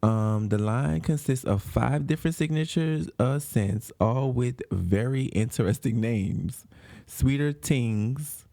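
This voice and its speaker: Podcast host: New man, unhurried delivery, teasing and laughing, warm dark tone. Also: medium pitch, gravelly. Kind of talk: casual chat, reading news.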